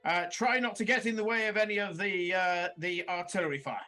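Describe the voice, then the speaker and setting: A man's voice: high voice, a little fast, soft background music, voice pushed up. A man voicing a pompous, bossy male duke who barks orders at his soldiers. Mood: commanding. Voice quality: loud barking commands.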